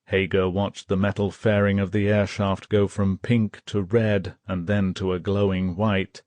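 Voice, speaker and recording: A man reading an audiobook in steady, measured scripted narration. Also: sits low, no echo. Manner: measured, steady storytelling, voicing characters' shouts.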